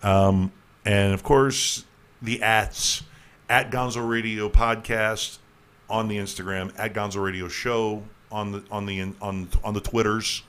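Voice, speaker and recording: Male talk host, on the low side, loose and rambling, quick with a joke. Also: fairly even intonation, a bit bright, clear, resonant tone. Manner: rambling, repeats himself, jokey. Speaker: podcast host. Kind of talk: casual chat.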